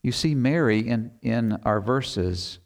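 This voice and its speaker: A middle-aged man preaching a sermon, reading scripture slowly and deliberately, then explaining it in an earnest, conversational way with rhetorical asides. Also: medium pitch, expressive, gravelly.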